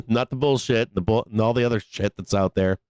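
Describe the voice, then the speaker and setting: A lowish, a little mellow and smooth voice at a moderate pace belongs to a host of a live stock trading stream. He's casual and profane, laughs often and answers imagined viewer questions on his own, with no room sound.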